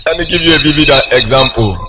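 A man preaching a sermon, slow and emphatic, with big swings in pitch as he tells a story. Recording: noisy background with clicks.

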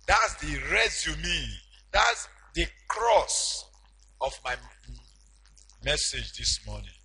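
A man preaching a sermon as pastor, slow and emphatic, with sudden shouted peaks. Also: fairly high pitch, very animated, creaky, husky, rough recording.

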